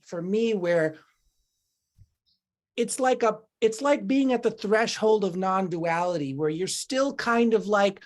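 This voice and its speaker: Woman on a podcast, rambly and thoughtful, mid pitch, voices her own inner thoughts out loud. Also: measured pace. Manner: meandering and reflective, acting out inner voices in quotes. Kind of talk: casual podcast conversation.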